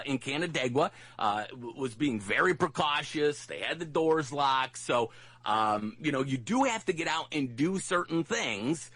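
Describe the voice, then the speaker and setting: A man's voice: fairly high pitch, pushed and bright. A man hosting a local radio show, chatting casually with many fillers and restarts, telling stories and acting out quotes. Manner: rambling, lots of restarts and fillers; acts out his grandma's voice in anecdotes. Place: radio studio.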